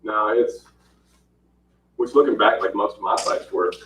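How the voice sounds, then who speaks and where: With a fairly low, unhurried voice and slight background noise, a man tells fight stories in a casual chat. He dramatizes the quotes, laughs often and tells it all with animation. The recording is muffled, distant, roomy podcast audio.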